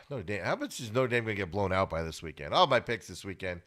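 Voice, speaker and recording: A man hosting a sports podcast, giving opinionated casual commentary and getting loud and high when worked up. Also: very animated, fast, hardly any pauses. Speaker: podcast host. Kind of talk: casual sports talk monologue.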